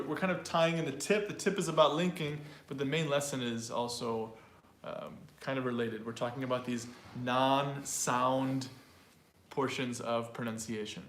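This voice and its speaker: A man's voice: medium pitch, moderate pace, fairly bright tone, a little hiss or hum. Chatty male language teacher, roomy echo. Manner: explains by repeating example phrases aloud; loose and chatty, with fillers and small laughs. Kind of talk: online pronunciation lesson.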